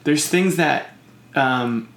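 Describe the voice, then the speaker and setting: A man's voice: on the high side, drawn-out words, creaky, a bit bright. Brief: easygoing man, talky and meandering, in a room with noticeable echo. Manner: rambling, uses sailing comparisons, many fillers. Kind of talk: casual podcast chat.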